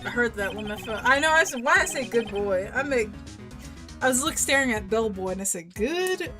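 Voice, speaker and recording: A loud, joking woman giving casual commentary as she plays a game, swearing freely. Her voice sits fairly high. Game music runs underneath. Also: fairly quick. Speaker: streamer.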